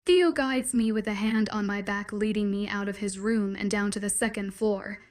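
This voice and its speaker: A woman narrating a first-person romance story in a steady, soft-spoken way. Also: medium pitch, moderate pace.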